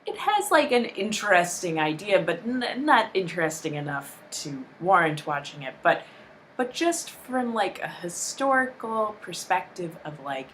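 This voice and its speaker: A woman with a low-set voice that swings widely as she talks, co-hosting a casual review. She sounds exasperated and animated, slipping into mock quotes. Faint noise hums underneath. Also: unhurried. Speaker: podcast co-host.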